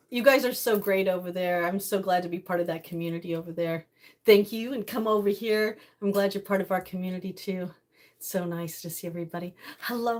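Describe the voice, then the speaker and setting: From her home kitchen, an older woman with a medium-pitched voice hosts a casual live-stream cooking chat. She keeps things chatty and bubbly, greeting viewers by name.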